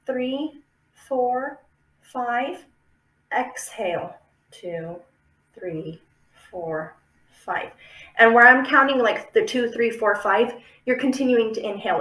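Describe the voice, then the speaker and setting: A woman's voice: mid-range voice, a bit bright. Chatty woman teaching in an echoey room. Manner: chatty, checks in often with tag questions. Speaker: affirmation practice teacher. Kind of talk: casual instructional talk.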